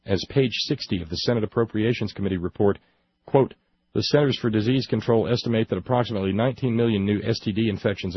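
Sarcastic low-voiced man, dull lo-fi sound. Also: slightly rough, dry recording. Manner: sarcastic, mocking, rising to indignant emphasis; hesitant restarts and fillers. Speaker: political commentary host. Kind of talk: sarcastic monologue reading from a report.

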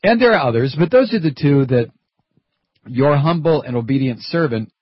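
A man's voice: mid-range voice, lively intonation, moderate pace, slightly rough, dry recording, muffled recording. A middle-aged man hosting a radio talk show, rambling and wry, digressing between topics. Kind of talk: casual talk radio chat. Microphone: studio microphone.

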